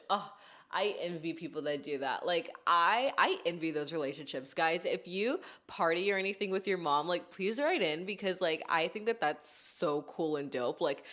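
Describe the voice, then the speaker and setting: Young woman podcast host from Texas, chatty and candid, a bit low in pitch. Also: expressive, normal speed, fairly bright tone. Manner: chatty, peppered with "like" and "you know what I mean". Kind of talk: casual podcast chat.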